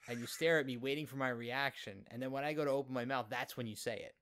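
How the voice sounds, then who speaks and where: A man's voice: medium pitch, steady tone, quick pace, fairly bright tone, clean tone. A man hosting a podcast, asking rambling, teasing questions in a friendly, casual way. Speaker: podcast host. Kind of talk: casual interview chat.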